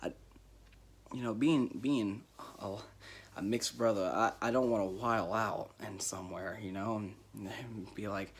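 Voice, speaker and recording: A young man telling a story in a casual vlog, stammering through restarts and poking fun at himself, swinging between loud bursts and hushed asides. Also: fairly low pitch, steady tone, unhurried. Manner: stammering restarts, self-mocking boasts. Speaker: vlogger telling a Magic card game story.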